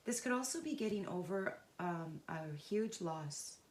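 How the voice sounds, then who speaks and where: A woman giving an unscripted, intuitive tarot reading, earnest and emotionally involved, talking in a halting, searching way with pauses and restarts. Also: mid-range voice, animated, darkish tone, roomy sound. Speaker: tarot reader.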